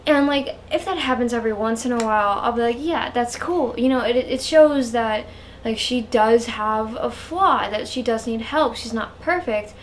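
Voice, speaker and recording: Higher-pitched woman book reviewer, rambly, frank, casual vlog chat. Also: moderate pace, slight background noise. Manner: rambling, frank, heavy use of "like".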